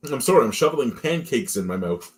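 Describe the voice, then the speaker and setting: Husky animated man telling stories loudly. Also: mid-range voice, quick pace. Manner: loud, profane, animated storytelling. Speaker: beer review podcast co-host. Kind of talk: casual live-stream chat. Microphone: headphones and mic at home.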